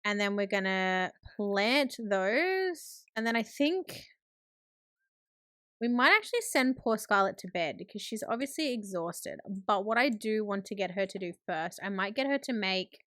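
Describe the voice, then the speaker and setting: A woman's voice: mid-range voice, expressive, measured pace, a bit bright, dry recording, clean studio sound. A woman hosting a gaming channel, giving chatty, upbeat running commentary on her play. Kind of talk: let's play narration.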